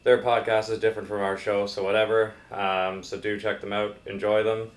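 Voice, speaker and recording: Low-voiced Canadian man, slangy hoser banter, echoey room. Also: little pitch movement, brisk. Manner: exaggerated Canadian hoser slang, swearing, says "bud". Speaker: comedy podcast co-host. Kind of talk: crude comedy sketch chat. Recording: echoey room with faint noise.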